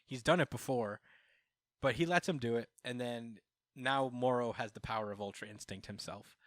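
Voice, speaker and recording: A man's voice: mid-range voice, normal speed, a bit bright, no room sound, studio quality. A man co-hosting a podcast, recapping a comic chapter in casual chat and acting out the characters' lines with laughter. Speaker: podcast co-host. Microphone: podcast microphone.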